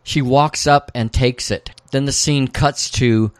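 A man's voice: steady tone, unhurried, clean tone, no room sound, clean studio sound. A man co-hosting a podcast, casually recapping scenes and reading out the characters' lines. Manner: recounts scenes, reading out quoted dialogue with raised pitch. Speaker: podcast co-host.

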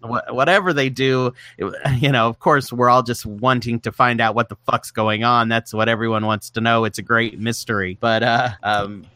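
A man co-hosts a podcast, thinking aloud about fan theories in relaxed chat. His voice is bright and edged. The sound is dry and close to the mic. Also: mid-range voice, normal speed, few pauses, dry recording. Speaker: podcast co-host.

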